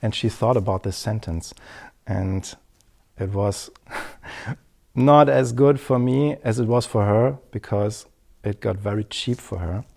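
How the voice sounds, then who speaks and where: Earnest male speaking coach, middle-aged, low voice, very slow delivery. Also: gravelly, darkish tone. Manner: earnest, measured storytelling. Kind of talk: scripted lesson to camera.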